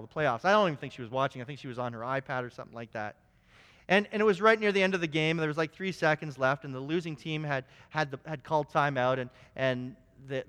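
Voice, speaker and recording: Man, high-pitched, lively sermon storyteller, long room reverb. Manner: storytelling, animated, many restarts. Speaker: preacher. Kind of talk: sermon with personal stories.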